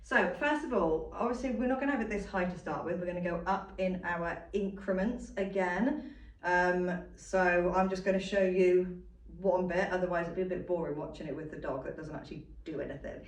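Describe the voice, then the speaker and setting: A woman's voice: lowish voice, fairly quick. A woman dog trainer giving a patient, step-by-step demonstration lesson and repeating her key points. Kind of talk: instructional demonstration. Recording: roomy sound from a distant mic.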